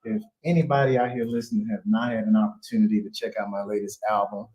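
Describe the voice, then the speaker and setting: A man's voice: fairly low pitch, quick pace, darkish tone, low-quality recording. A man, a guest singer chatting easily about his music in a studio interview. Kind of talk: casual interview talk.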